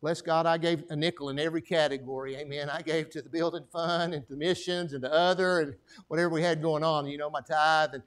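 Sharing his own testimony from the pulpit, this middle-aged preacher from Texas speaks with a Texan accent and a folksy style, asking the congregation for amens. He has a fairly high, slightly bright voice, speaks fairly quickly with few pauses, and keeps his intonation fairly even.

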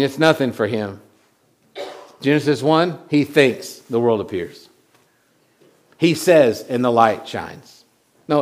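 A man preaching a sermon in a conversational way, often repeating words and swinging from loud lines to hushed ones. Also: medium pitch. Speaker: pastor.

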